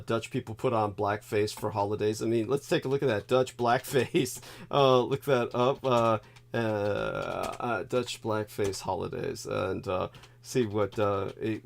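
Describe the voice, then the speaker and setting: A man hosting a casual online fundraiser stream, chatting with a guest, full of "uh" fillers and loud bursts of laughter. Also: on the low side, vocal fry. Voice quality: laughs loudly and often, frequent fillers. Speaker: host. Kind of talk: casual livestream chat.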